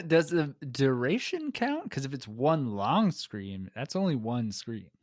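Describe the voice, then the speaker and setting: A man hosting a podcast, chatting casually with playful, quick jokes. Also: medium pitch, big pitch swings, no echo, studio quality. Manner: joking, playful, quick riffs. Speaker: podcast host. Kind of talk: casual conversation.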